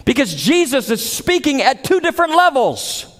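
High-voiced pastor preaching in a reverberant hall. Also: male voice, sing-song, moderate pace, fairly bright tone. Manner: dramatic preaching, acts out voices of biblical figures. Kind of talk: sermon.

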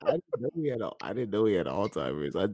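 A man in casual podcast chat who talks bluntly and laughs loudly. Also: lowish voice, wildly swooping pitch, fast, creaky, husky, no echo.

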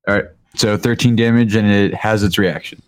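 A man playing a tabletop game, calling out rolls and damage in a relaxed, playful way with jokey sound effects. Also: fairly low pitch, moderate pace, no echo. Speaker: player.

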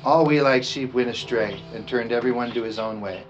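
A man preaching a communion sermon, reading scripture with emphasis and slowing down on the weighty phrases. He has the congregation repeat lines after him. The recording sounds dull and lo-fi, with music playing clearly underneath. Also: mid-range voice. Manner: emphatic, slows down on key phrases. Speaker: pastor.

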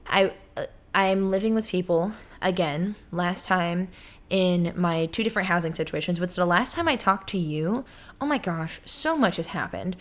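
A young woman in her twenties hosting a casual solo podcast from her apartment, rambling and chatty, often cutting herself off. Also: fairly low pitch. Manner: rambling, chatty, self-interrupting with many likes. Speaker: podcast host. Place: apartment room.

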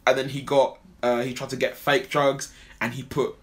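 A man rants his way through a film review on a podcast. He rambles and swears freely as he retells scenes, and his voice sits at an ordinary middle pitch. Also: moderate pace. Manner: rambling, animated, swears a lot. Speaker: podcast co-host. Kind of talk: casual film review chat.

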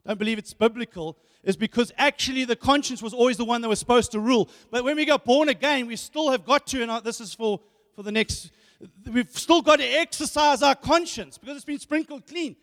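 A man preaching with a very high voice, animated and full of rhetorical questions. He stumbles over repeated words as he builds each point. His voice rings out with a long hall reverb. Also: brisk. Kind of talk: sermon.

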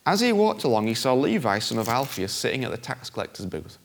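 A man preaching a sermon in a conversational, animated way, acting out voices with big jumps in pitch. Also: fast talker.

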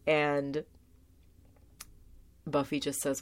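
A woman's voice: low voice, fairly even intonation, normal speed, pauses often, darkish tone. A young woman talking casually about a TV episode, earnest and close to tears, with lots of filler words. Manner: heavy use of filler words like "like". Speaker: tv show commentator. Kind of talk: casual personal commentary.

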